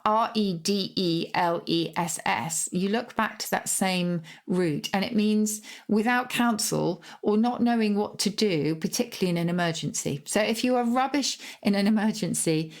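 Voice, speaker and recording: Chatty English woman explaining word origins. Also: lowish voice. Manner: chatty, spells out words letter by letter. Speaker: podcast co-host. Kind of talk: casual chat about word origins.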